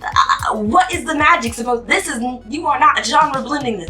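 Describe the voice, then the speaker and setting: Exasperated woman ranting, bright and a little distant. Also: high-pitched, moderate pace, faint music behind. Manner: animated, exasperated, slangy. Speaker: book reviewer. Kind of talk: ranting book review vlog.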